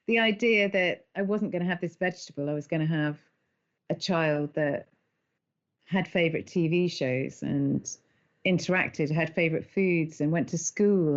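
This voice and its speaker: A middle-aged woman, an animated storyteller who laughs often as a podcast guest. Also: deep voice, dull audio. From England. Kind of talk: conversational interview.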